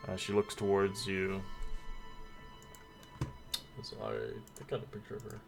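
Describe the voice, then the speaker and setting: A man narrates as the game master of a tabletop game, rambling along with frequent pauses and restarts. His voice sits on the low side. Faint instrumental music plays behind. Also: little pitch movement, vocal fry, fairly bright tone. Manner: rambling, many ums and restarts.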